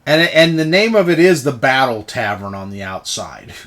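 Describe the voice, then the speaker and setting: A man's voice: mid-range voice, big pitch swings, normal speed, fairly bright tone. A man narrating as game master who talks in a loose, chatty way and laughs often. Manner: chatty, laughs often, restarts mid-sentence.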